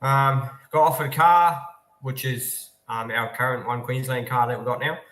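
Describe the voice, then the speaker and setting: A man from New Zealand talks through his racing in a relaxed, casual way, dotting his sentences with ums. His voice is bright and forward. He sounds like he is in a roomy, echoing space. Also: medium pitch, moderate pace. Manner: easygoing, technical, many ums. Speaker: guest racing driver. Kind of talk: casual interview. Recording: echoey room.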